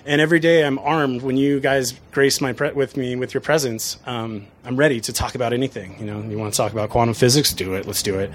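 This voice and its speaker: A man's voice: mid-range voice, brisk, hardly any pauses. A man tells bar stories to an audience in a loose, chatty way, laughing at his own lines. His voice sits in an ordinary middle range. A faint hum of ambience lies behind him. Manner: casual, chuckling often, lively storyteller. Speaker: bartender. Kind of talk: storytelling talk to an audience.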